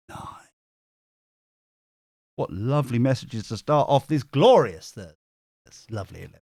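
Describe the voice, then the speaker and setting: A man's voice: mid-range voice, expressive, moderate pace, vocal fry, long pauses, darkish tone, dry recording, studio quality. A man hosting a tarot livestream, bantering playfully with his chat.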